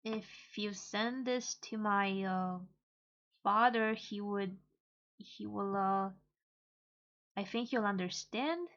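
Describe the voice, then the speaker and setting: Female, casual comic reader-translator; hesitant, unhurried delivery, muffled home mic. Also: medium pitch, fairly bright tone. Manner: hesitant, halting, many pauses and fillers.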